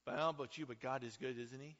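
A man preaching with a bright, forceful edge to his voice, moving from loud declarations down to hushed asides. He sounds dull and lo-fi, carried by a long reverb that trails off each phrase as if he is in a large hall. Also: medium pitch, steady tone, very fast. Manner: impassioned, swinging from loud to hushed. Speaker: pastor. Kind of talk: sermon.

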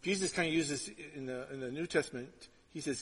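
A middle-aged male pastor delivers a sermon in a lively, storytelling manner. His voice sits a bit high, and he often restarts his phrases. A long reverb trails after him, as in a large sanctuary. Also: husky. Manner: storytelling, animated and conversational, with quick repeated restarts.

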